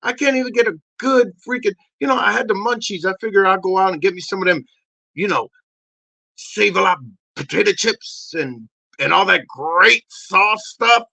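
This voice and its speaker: A man doing a crude shouting cartoonish dog. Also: high-pitched, normal speed, creaky, exaggerated voice. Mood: ranting. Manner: shouty, crude, rambling rants. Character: crude loud-mouthed male dog, brash and cocky. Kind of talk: comedy podcast bit.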